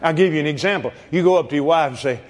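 A man preaching a fervent sermon, shouting and laughing as he goes. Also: fairly high pitch, rapid-fire, a little hiss or hum. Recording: reverberant hall with a crowd.

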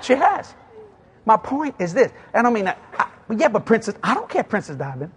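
Cajun man, sixties, preacher, high voice, lively storytelling, faint room hum. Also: moderate pace. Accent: Cajun, South Louisiana. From South Louisiana. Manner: animated, acts out both sides of dialogues, chuckling asides. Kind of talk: humorous sermon storytelling.

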